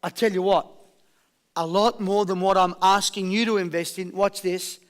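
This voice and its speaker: A man with an Australian accent giving a high-energy motivational seminar, rallying a live audience with questions and call-and-response. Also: fairly even intonation, moderate pace. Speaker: motivational speaker.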